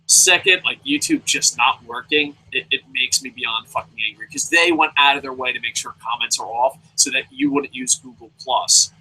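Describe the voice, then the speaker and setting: A man's voice: medium pitch, sing-song, normal speed, hardly any pauses, sharp tone, breathy edge, low-quality recording. A young man hosting a casual live wrestling review, ranting profanely and rambling with goofy sound effects. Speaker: wrestling review show host.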